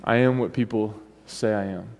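In a church with long hall reverb on the recording, a male pastor delivers a sermon in a lowish, darkish voice with vocal fry, at a moderate pace. His style is casual, and he frequently calls for responses from the congregation.

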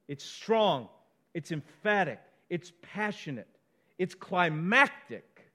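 A man preaching a sermon, emphatic and passionate, rising to loud peaks and dropping to quiet asides. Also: high voice, animated, unhurried. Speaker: pastor.

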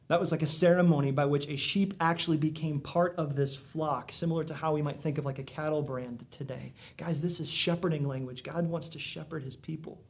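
A man's voice: fairly high pitch, a little mellow. A man preaching a sermon in a conversational way, full of asides and questions to the congregation. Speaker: pastor.

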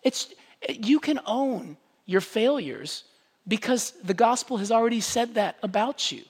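Animated preacher with a lively, swooping voice. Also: slightly rough, in a large hall. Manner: animated, conversational preaching with wide swings in pitch and loudness; emphatic, with rhetorical questions and quick asides. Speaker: pastor. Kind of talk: sermon.

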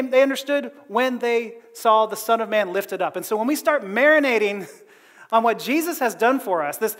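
A pastor gives a chatty, animated sermon in a church, often slipping a laugh between phrases. His voice sits high for a man. Long reverb from the hall trails after each line. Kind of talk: conversational sermon.

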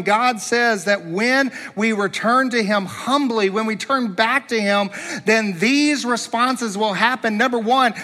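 Bright high-pitched preaching man, reverberant. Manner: earnest preaching with emphatic repetition and rhetorical questions. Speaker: pastor. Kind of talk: sermon.

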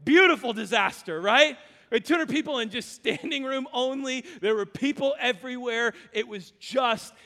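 A middle-aged man preaching a sermon, telling stories and going hushed at the emotional moments. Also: very high-pitched. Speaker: pastor. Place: large hall with reverb. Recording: reverberant hall.

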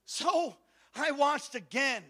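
Pastor guy preaching, high bright voice, goes from quiet to yelling. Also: expressive, slow pace. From Hawaii. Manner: impassioned storytelling, swinging from hushed to shouting. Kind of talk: sermon.

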